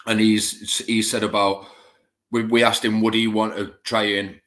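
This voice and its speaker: A man's voice: fairly low pitch, little pitch movement, unhurried, a bit bright. A man co-hosting a casual interview, chatty and encouraging. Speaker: podcast co-host.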